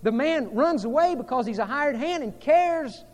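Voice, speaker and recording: A man preaching a sermon as pastor, moving between hushed, intimate passages and emphatic, rising delivery. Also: very high-pitched, animated, normal speed, in a large hall.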